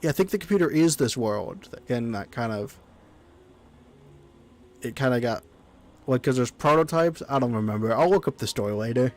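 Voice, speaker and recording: A man's voice: medium pitch, expressive, normal speed, pauses often, darkish tone. A man streaming a game, chatting casually and reading the on-screen text aloud. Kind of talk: casual gameplay commentary.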